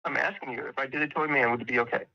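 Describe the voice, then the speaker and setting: A man's voice: medium pitch, very fast, vocal fry, bright, forceful tone, highs cut off. A man arguing in a heated online debate, sarcastic and combative, hammering the same pointed questions.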